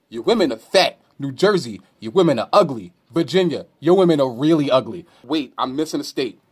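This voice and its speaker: A stand-up comedian from Brooklyn with a New York accent, ranting brashly with profanity and mocking questions. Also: male voice, on the high side, breathy edge. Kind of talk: comedic rant to camera.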